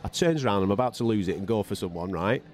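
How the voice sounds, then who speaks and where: A man's voice: fairly low pitch, faint music behind. A man telling boxing stories on a podcast in a casual way, swearing freely and mimicking the people in them. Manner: animated and fast-talking. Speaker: podcast co-host, boxing radio commentator. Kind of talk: casual storytelling chat.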